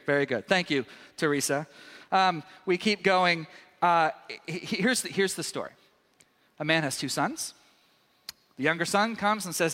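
Animated bright-voiced male preacher. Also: on the high side, fairly quick. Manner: animated storyteller, acts out characters with sudden loud bursts. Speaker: pastor. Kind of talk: sermon. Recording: echoey hall with long reverb.

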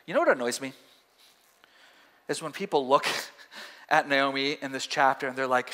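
A man teaching a Bible passage in an animated, conversational, emphatic sermon. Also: mid-range voice, moderate pace, long pauses. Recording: echoey hall.

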